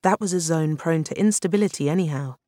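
An audiobook narrator reading a science fiction novel in a steady, even storytelling manner. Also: medium pitch, fast, dry recording, clean studio sound.

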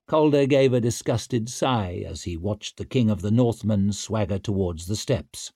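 A man narrating an audiobook in a steady, measured storytelling voice. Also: fairly low pitch, no echo, clean studio sound.

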